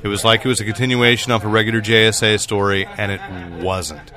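A man co-hosting a podcast, talking about comic books in a loose, jokey way with quick asides. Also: lowish voice, steady tone, sharp tone, soft background music. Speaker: podcast co-host. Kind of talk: casual comic book chat.

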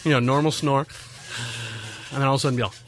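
A man's voice: mid-range voice, fairly even intonation, fast, noisy background. A man co-hosting a podcast in casual chat, cracking dry jokes. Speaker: podcast co-host.

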